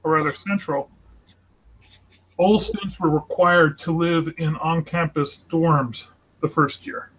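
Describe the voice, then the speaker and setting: A man's voice: on the high side, steady tone, slow, fairly bright tone, a little hiss or hum. A man chatting casually on a video call, commenting on other people's drawings. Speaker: artist in an online drawing group. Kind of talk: casual chat while drawing. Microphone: video call mic. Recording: dull lo-fi video call audio.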